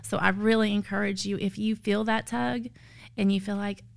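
A woman's voice: medium pitch, flat delivery, moderate pace, vocal fry. A woman, a tired foster mother sharing her story as an earnest, emotional testimony of faith that rises to emphatic peaks. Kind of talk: heartfelt testimony.

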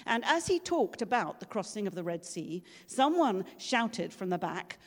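A woman's voice: medium pitch, very animated, moderate pace. A woman giving a sermon in a church, telling stories in a conversational way and acting out quoted voices. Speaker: preacher. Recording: long reverb from a large room.

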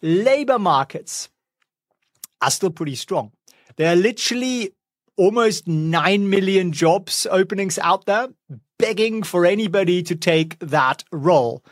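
A man's voice: high voice, lively intonation, measured pace, no room sound, clean studio sound. A man giving casual stock market commentary at home, chatty and wry with sarcastic asides. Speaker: finance vlogger. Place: home, with a pet nearby.

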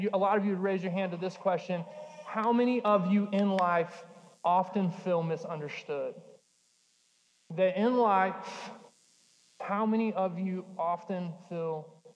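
A young man with a high voice gives a sermon, telling animated stories full of jokey asides. The sound is dull and rings out in a large hall with a long echo. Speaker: pastor.

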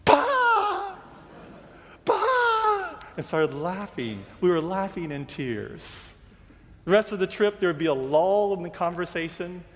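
A man's voice: a little high, lively intonation, moderate pace, darkish tone, long reverb tail, slight background noise. A male pastor giving a sermon, telling a personal travel story and acting out the reactions of the people in it. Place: church sanctuary.

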